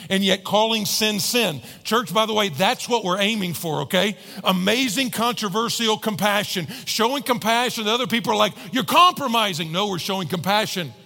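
A man preaching a sermon to a large congregation, animated, often acting out voices and joking with the crowd. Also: sits high, moderate pace, creaky, few pauses. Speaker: pastor. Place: large church hall with about fifteen hundred people. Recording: long hall reverb.

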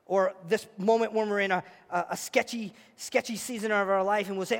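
A pastor preaching a sermon in a church, animated and acting out the voices of scripture. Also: male voice, sits high, a little fast, vocal fry, few pauses. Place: church auditorium. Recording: echoey hall.

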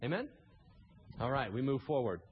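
A man preaching a sermon as pastor, animated, acting out scenes with sudden shouted asides. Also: mid-range voice, normal speed, muffled recording, slight background noise.

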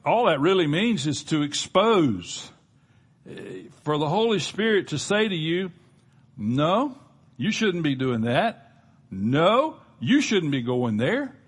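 A middle-aged male pastor delivers a sermon in a blunt, emphatic way, often restarting his sentences. His voice is husky and sits at an average pitch. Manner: plain-spoken, emphatic, frequent restarts.

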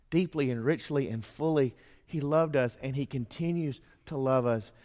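A man preaching a sermon, telling stories, firing off rhetorical questions and dropping to a hush for emphasis. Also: mid-range voice. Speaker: pastor. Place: church sanctuary. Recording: long church hall reverb.

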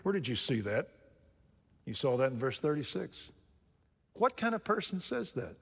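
A man's voice: on the high side, very animated, moderate pace, creaky, husky. A male pastor preaching a sermon, emphatic and full of rhetorical questions put to the congregation. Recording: long reverb of a large hall.

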